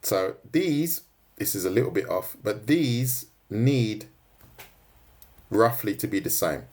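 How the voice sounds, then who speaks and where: A man's voice: on the low side, animated, slow pace, a little mellow. Joking man teaching drawing on a livestream. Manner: joking, chatty, teasing viewers. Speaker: art teacher. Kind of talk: casual livestream drawing lesson.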